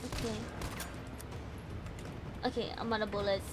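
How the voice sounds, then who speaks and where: A young woman streaming a game with excitable commentary, yelling and laughing as she plays. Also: medium pitch, unhurried, a little hiss or hum. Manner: excitable, yells and laughs while playing. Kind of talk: gameplay commentary.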